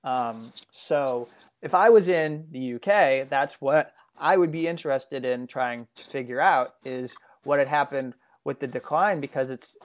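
A political commentary co-host from the United States, this man speaks at medium pitch and a measured pace. Earnest yet rambling, he restarts frequently during the casual political discussion he co-hosts.

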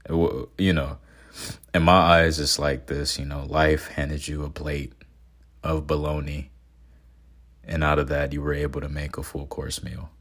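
A man's voice: extremely low pitch, level tone, unhurried, fairly bright tone. A twenty-year-old man in casual, reflective talk, earnest and sentimental, rambling with many fillers and restarts.

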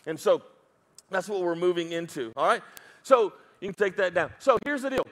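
A man's voice: high-pitched, lively intonation, normal speed, fairly bright tone. A man preaching a sermon as pastor, telling a Bible story with jokes, asides and put-on voices.

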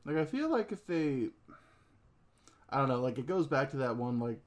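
A man's voice: medium pitch, big pitch swings, moderate pace. A man co-hosting a casual movie podcast, chatty and often laughing as he talks. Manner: chatty, laughs while talking. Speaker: podcast co-host.

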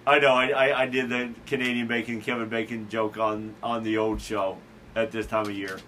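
A man's voice: on the low side, level tone, normal speed, a bit bright, a little hiss or hum. Rambling man hosting a casual chat show. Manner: rambling, with fillers and asides. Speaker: host. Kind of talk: casual chat about daily holidays.

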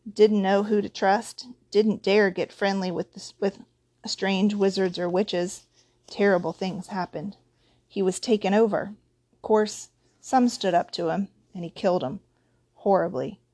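A woman voicing Hagrid, a huge gruff male gamekeeper who talks in a rough dialect with dropped word endings. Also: mid-range voice, darkish tone, dry recording, clean studio sound.

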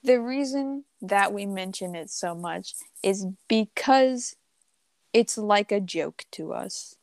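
A woman's voice: medium pitch, expressive, takes it slowly, darkish tone, dry recording. A young woman co-hosting a casual podcast chat, rambling with lots of fillers and casual swearing. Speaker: podcast co-host.

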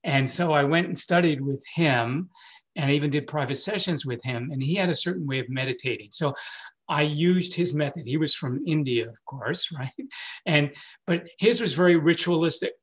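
A man in his sixties, a meditation teacher, telling a personal story in a casual way, laughing often and jumping high when he quotes himself. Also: normal speed.

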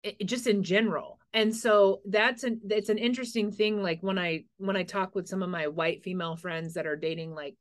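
A woman's voice: mid-range voice, a little fast, few pauses. A woman from the United States hosting a casual podcast chat, talking frankly and acting out quoted conversations as she tells stories. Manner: frank, animated storyteller who acts out quotes. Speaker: podcast host.

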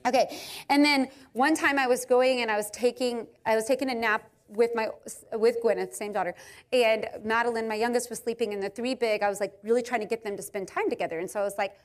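A woman in her thirties giving a conversational sermon, telling family stories in a chatty, animated way with frequent fillers. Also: a little high, fast talker. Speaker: speaker at a church gathering.

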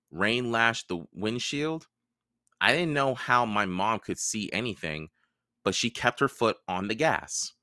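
A man reading a novel aloud as host of his own podcast, with expressive storytelling. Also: lowish voice, no echo, clean studio sound. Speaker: podcast host and audiobook reader.

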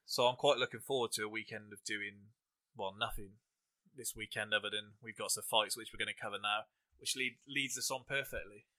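Brisk and forceful, this young Englishman speaks with a steady, bright tone in a voice on the low side. He hosts a podcast of casual chat and fight picks, rambling through funny stories and laughing while he talks.

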